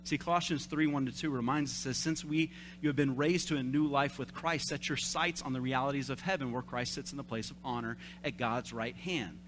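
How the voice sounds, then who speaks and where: A man's voice: mid-range voice, fairly quick, hardly any pauses, a little hiss or hum. Storytelling man preaching a casual sermon. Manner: storytelling, animated, self-deprecating humor. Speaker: young adults pastor. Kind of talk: conversational sermon. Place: church service.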